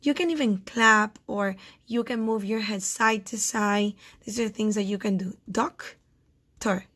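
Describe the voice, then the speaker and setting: A woman's voice: mid-range voice, fairly even intonation, fairly bright tone. A woman teaching first graders phonics in a recorded lesson, patiently repeating each word so children can count its syllables. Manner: slow, patient, repeats words to sound out syllables.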